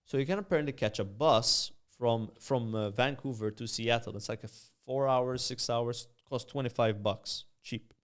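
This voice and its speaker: A young man with a Maltese accent tells an animated story in a podcast chat, filling gaps with "uh" and "like". His voice sits at a middle pitch and sounds smooth and clear. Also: moderate pace, hardly any pauses. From Malta. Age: young adult. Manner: animated storyteller, many fillers. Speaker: guest, streamer.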